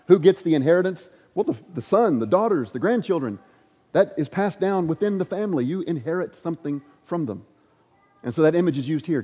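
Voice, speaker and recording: A man with a fairly high, warm voice preaches a sermon, earnest and emphatic, building his points through repeated rhetorical questions. The audio is dull and lo-fi, with a long hall reverb.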